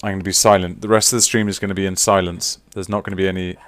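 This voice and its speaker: A man's voice: deep voice, little pitch movement, racing, no echo. A man chatting casually with viewers on a live stream while signing autographs, teasing and reading out names.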